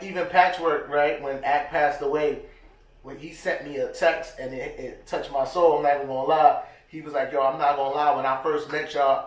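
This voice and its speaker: A man co-hosting a podcast, chatting casually in slang and acting out the quotes in his stories. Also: a little high. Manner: animated storyteller, slangy, acts out quotes. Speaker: podcast co-host. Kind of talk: casual chat. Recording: echoey room, distant mic.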